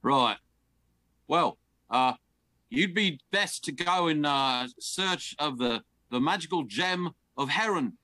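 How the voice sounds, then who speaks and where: Older male improviser as game master, deadpan, bright voice, lively pitch, on a video call. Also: takes it slowly. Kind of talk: improvised comedy scene.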